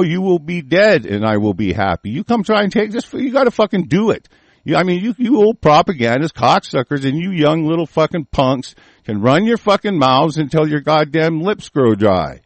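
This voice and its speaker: A man with a somewhat high voice reads news aloud in a halting way, tripping over words and filling gaps with fillers. He keeps breaking off into profane, threatening tirades. The sound is close and dry. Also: dry recording. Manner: profane, threatening outbursts between halting reading; stumbles over words with many fillers while reading. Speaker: commentator. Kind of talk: angry reading-and-rant commentary.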